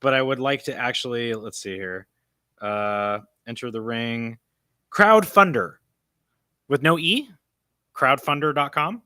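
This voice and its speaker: A man hosts a casual live stream from a comic book store, rambling, correcting himself, and laughing easily. His voice is bright and crisp with a slight froggy edge. The sound is close and dry. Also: medium pitch, lively intonation, unhurried, pauses often, dry recording. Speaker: host.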